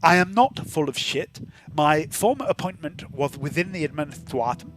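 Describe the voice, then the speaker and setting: A man voicing a formal, pompous woman scholar in her thirties who speaks with measured precision. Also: on the high side, animated, fairly bright tone, faint music behind. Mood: prim.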